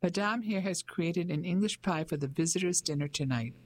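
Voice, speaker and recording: An audiobook narrator voicing a good-humoured older French cook with a jovial manner. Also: male voice, high-pitched, a little fast, lightly acted.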